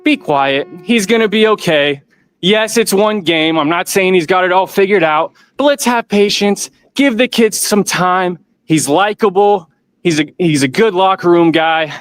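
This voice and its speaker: A male caller vents to a sports talk show with an emphatic, fired-up rant, hammering the same points again and again. His voice sits a little high, and the sound is dry and close. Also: a little slow, clear, resonant tone, dry recording. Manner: fired-up, emphatic, repeats himself. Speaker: fan caller. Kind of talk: heated call-in rant.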